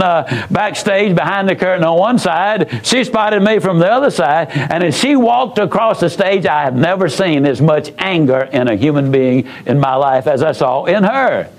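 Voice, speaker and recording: A man giving a motivational speech, telling a story in a folksy, emphatic way with dramatic pauses and repetition. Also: high voice, poor audio. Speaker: motivational speaker.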